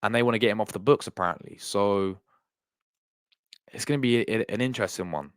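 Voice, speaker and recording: A young man with a slightly low, smooth voice hosts a casual live stream, talking fast as he rambles, restarts, and repeats himself while answering his chat. The sound is dry and close, with no echo.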